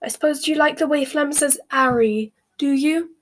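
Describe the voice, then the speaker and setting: A woman voicing a sly, scornful teenage girl witch with a sharp tongue. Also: fairly high pitch, moderate pace, husky.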